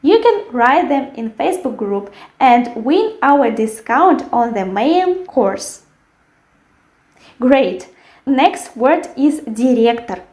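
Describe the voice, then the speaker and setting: A woman teaching a language lesson, carefully repeating words slowly for learners. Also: sits high, warm tone. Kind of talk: language lesson with word drills. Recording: echoey room.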